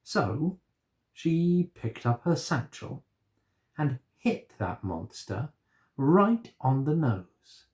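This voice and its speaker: A man reading a children's story aloud in a gentle, expressive way. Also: a little high, very slow.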